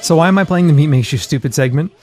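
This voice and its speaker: A man's voice: a little high, fast, music in the background. A man hosting a podcast, chatting in a laid-back, wry, agreeable way. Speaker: podcast host. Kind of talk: casual chat.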